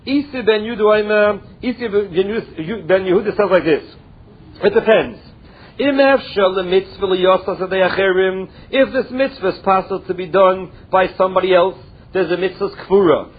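A man's voice: sits high, slightly rough. Man teaching Talmud over tinny audio. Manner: reads Hebrew-Aramaic phrases then explains in plain English. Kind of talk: Talmud study lesson, translating aloud.

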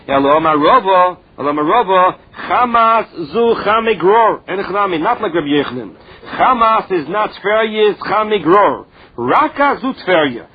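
Male Talmud teacher, reads then translates phrase by phrase, high husky voice, muffled lo-fi recording. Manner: reads a phrase then explains it in plain words. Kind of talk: Talmud lesson, reading and translating. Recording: dull lo-fi recording.

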